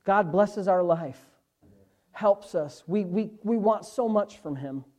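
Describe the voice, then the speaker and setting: A male pastor delivers a sermon in a voice that sits unusually high for a man. He is fervent and impassioned, dropping to hushed asides and then climbing back to loud, urgent exhortation. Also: lively intonation, slow. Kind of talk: preaching a sermon.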